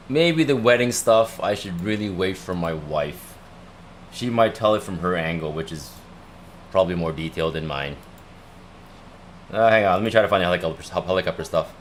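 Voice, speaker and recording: A man hosting a casual livestream, talking in an excited, rambling way and often repeating himself. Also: sits low, a little hiss or hum. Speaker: livestream host. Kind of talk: casual chat.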